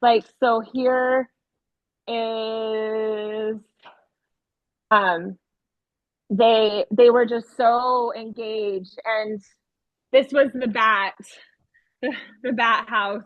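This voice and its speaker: A woman teacher chatting about her kindergarten class. She speaks very slowly in a fairly high voice, animated and laughing, and slips into playful put-on voices. The recording is dry and a little dull. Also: dry recording. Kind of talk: casual chat recounting a classroom story.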